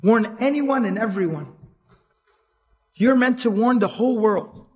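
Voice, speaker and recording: An Islamic teacher gives an educational lecture series on the life of the Prophet, speaking earnestly and emphatically. He repeats his key points and recites Arabic verses quickly, in a high voice with a darkish tone.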